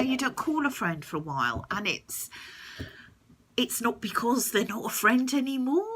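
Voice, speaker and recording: A woman's voice: fairly low pitch, fairly bright tone, slight background noise. A woman vlogger talking reflectively to camera in a thoughtful, explanatory way.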